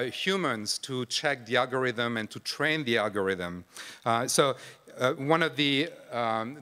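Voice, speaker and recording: Man, conference talk, clear resonant voice, halting with fillers, long hall reverb. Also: medium pitch, bright, forceful tone. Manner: hesitant, many fillers and restarts. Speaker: presenter. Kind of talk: conference presentation. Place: large lecture room. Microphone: microphone.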